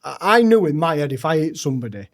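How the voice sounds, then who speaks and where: Man, young adult, frank, halting restarts, slightly high voice. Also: sing-song. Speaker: podcast guest. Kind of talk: candid personal storytelling.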